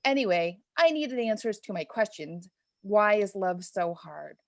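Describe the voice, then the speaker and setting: A woman reading her own deliberately awful first chapter aloud, with a sly, mock-breathless comic delivery. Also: medium pitch, expressive, dry recording, studio quality. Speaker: guest author reading a parody chapter.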